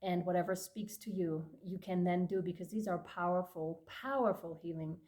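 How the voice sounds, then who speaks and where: A woman giving a tarot reading to her viewers, effusive and emotional, laughing often and addressing listeners warmly. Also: lowish voice, moderate pace. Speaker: tarot reader.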